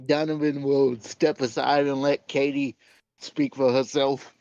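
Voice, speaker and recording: A man playing a tabletop game, calm and matter-of-fact. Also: mid-range voice, unhurried, no room sound. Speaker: player. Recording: muffled lo-fi mic.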